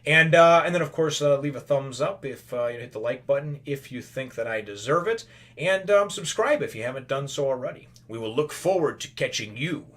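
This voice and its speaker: Brisk and a bit bright, this medium-pitched male voice has lively intonation. The man runs his own channel and gives a casual, rambling review of an anime episode, sprinkling in "you know" and "right?" while calling his audience brothers and sisters.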